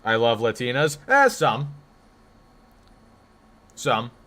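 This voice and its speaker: Reacting to chat on a live stream, a northeastern American man chats casually, wandering off track and fixing his own words. His medium-pitched voice is bright, forward and very animated, delivered at a slow pace.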